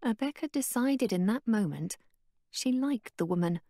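A woman narrating an audiobook in a steady, even storytelling manner. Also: on the high side, normal speed, dry recording, clean studio sound. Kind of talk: scripted narration.

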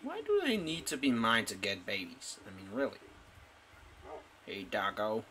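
A man's voice: lowish voice, wildly swooping pitch, normal speed, bright, forceful tone. A man casually commenting while playing a game, talking to his in-game pet and squealing when delighted. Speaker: gaming YouTuber. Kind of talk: casual let's-play commentary. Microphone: desktop mic.

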